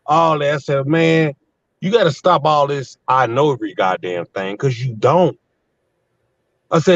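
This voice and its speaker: A man's voice: sits high, no room sound. A man in his fifties, a guest on a live panel, telling a story in a heated, profane way from his truck on the road. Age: 50s. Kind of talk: casual live panel chat. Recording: dull lo-fi line.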